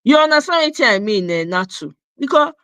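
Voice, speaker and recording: A woman's voice: sits high, sing-song, brisk, fairly bright tone, no room sound. A woman with a Nigerian accent hosting a live political commentary show, ranting passionately and slipping Pidgin into her English. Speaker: host.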